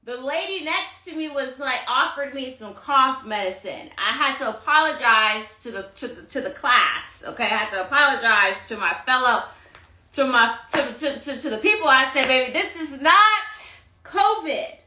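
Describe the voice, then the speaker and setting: A woman's voice: sits high, expressive, moderate pace, bright, forceful tone, reverberant. A woman giving a casual livestream monologue as a tarot reader, sassy and dramatic, tagging her lines with "okay?" and "honey". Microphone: phone livestream.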